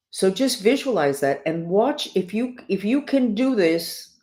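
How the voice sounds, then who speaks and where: Preachy woman on her podcast with hiccups, kinda low voice, echoey room. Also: dark tone. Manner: emphatic and preachy, swinging up and down. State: has the hiccups. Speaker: podcast host. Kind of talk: casual spiritual talk to listeners. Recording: roomy echo.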